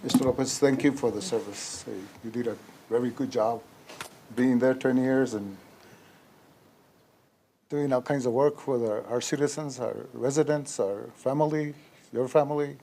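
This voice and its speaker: A man's voice: mid-range voice, fairly even intonation, moderate pace, dark tone, slight background noise. A man, the mayor, giving brief ceremonial thanks in simple, repetitive phrases.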